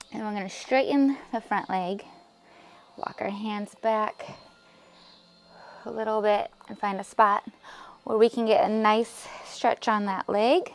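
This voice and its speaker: A woman leading a yoga class, giving calm, encouraging cues with soft breathy asides. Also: medium pitch. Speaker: yoga instructor. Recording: music playing faintly behind.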